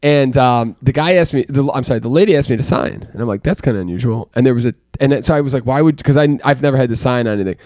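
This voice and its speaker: A man co-hosting a casual podcast chat, telling stories in an animated, exasperated way. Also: mid-range voice, very fast, few pauses, dry recording, studio quality. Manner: animated storyteller, exasperated rants. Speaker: podcast co-host.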